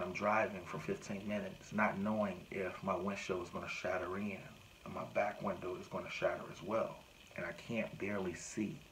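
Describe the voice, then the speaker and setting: Guy vlogging, lowish voice, acts out the quotes, lil bit of background hiss. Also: rough recording. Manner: animated retelling with acted-out quotes. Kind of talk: casual storytelling to camera.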